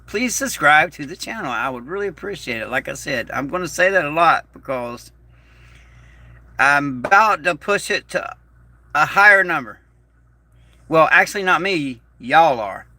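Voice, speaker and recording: A man hosting a casual livestream in a slow, rambling, folksy way, reading out viewer messages. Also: a little high, bright, forceful tone, no echo. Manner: slow, rambling, folksy, reads chat aloud. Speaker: YouTube channel host.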